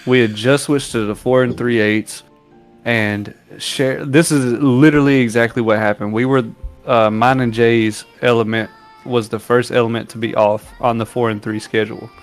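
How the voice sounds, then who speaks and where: A man co-hosting a casual streamed podcast, telling military stories and acting out shouted quotes. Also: mid-range voice, normal speed, faint music behind. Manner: animated, acts out shouted quotes while telling war stories. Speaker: podcast co-host. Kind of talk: casual storytelling on a livestream.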